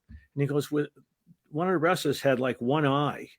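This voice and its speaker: An older man, once a wrestling referee, appears as a guest in a casual storytelling interview, speaking at normal speed in a slightly high voice. He rambles through anecdotes, often restarting his sentences, and gets lively when he reaches the punchline.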